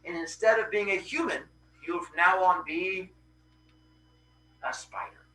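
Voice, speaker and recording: A male teacher voicing an angry, shrill goddess in a classroom retelling of a myth. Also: normal speed, slight background noise, low-quality recording. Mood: stern. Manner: shrill, shouting, hammy. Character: furious then apologetic goddess Athena.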